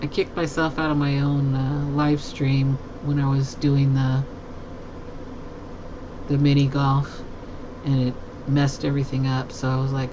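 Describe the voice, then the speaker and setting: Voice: mid-range voice, monotone, a little slow, muffled recording, background noise. Chatty streamer who laughs a lot. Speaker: live streamer. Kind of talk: casual chat with viewers. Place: at a home desk.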